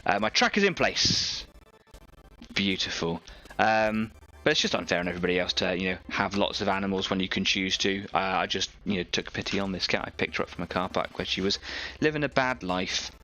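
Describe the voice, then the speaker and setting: A man's voice: low voice, expressive, a little fast, sharp tone. A man hosting an online painting stream, chatting casually and explaining each step while he works on a model. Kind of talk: casual chat while working.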